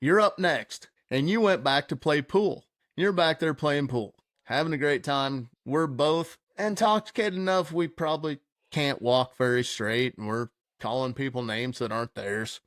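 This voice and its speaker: A man's voice: medium pitch, moderate pace, fairly bright tone, dry recording, studio quality. A man hosting a podcast, telling a wild story in casual, rambling chat, swearing freely and laughing as he goes. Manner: rambling, profane, laughs through his story. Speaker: podcast host.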